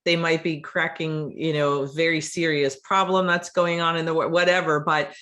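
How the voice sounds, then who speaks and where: A podcast host in casual interview chat, chatty and animated, often restarting words mid-sentence. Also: mid-range voice, normal speed.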